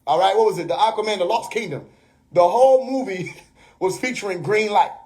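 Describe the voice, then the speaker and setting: High-voiced man preaching on a live stream. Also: brisk, darkish tone. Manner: preachy, laughing often, repeats "you know what I mean". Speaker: livestream host. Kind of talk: casual livestream monologue. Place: bedroom.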